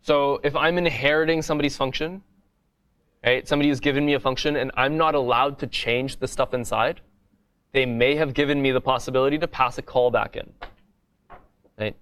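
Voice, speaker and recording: A man's voice: mid-range voice, steady tone, a little fast, a bit bright, clear, resonant tone. A man teaching a coding bootcamp lecture in a classroom, explaining step by step in a casual way and often asking "right?".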